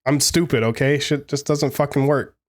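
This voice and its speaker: A man's voice: medium pitch, steady tone, moderate pace, dry recording. A man co-hosting a podcast in casual chat, self-deprecating and swearing while he laughs at himself. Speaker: podcast co-host.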